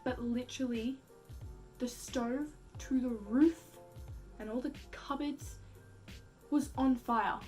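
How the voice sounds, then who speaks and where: A woman's voice: sits high, steady tone, slow pace, long pauses, darkish tone, soft background music. A young woman telling a story casually, full of "like" fillers and acted-out quotes, with casual swearing. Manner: chatty, heavy use of "like" fillers. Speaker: vlogger.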